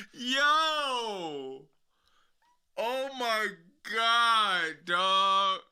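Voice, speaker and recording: A young man casually reacting to wrestling news, slangy and animated, laughing often. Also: medium pitch, slow, clear, resonant tone. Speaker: wrestling commentary streamer.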